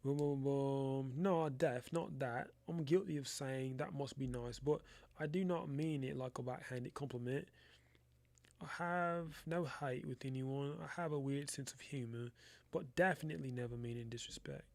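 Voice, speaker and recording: This casual live stream features a young man teaching photography from his studio at a moderate pace, his medium-pitched voice darkish and free of echo. He rambles loosely, leaning on slang and addressing viewers as "bro."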